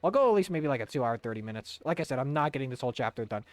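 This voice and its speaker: A man's voice: medium pitch, very animated, rapid-fire, no echo, faint music behind. A man streaming a video game, giving loose, rambling commentary with some swearing.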